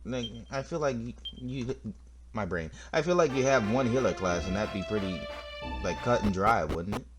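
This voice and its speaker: A man's voice: lowish voice, expressive, moderate pace. Chatty young man narrating his gameplay. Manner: chatty, self-interrupting, giggly. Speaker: gameplay commentator. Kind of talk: casual let's-play commentary. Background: game music.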